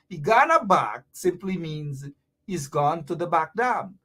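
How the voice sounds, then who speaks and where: A woman's voice: fairly low pitch, expressive, normal speed. A woman with a Guyanese accent, talking to viewers in a livestream about politics and playfully teaching local Creole phrases. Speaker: political commentator.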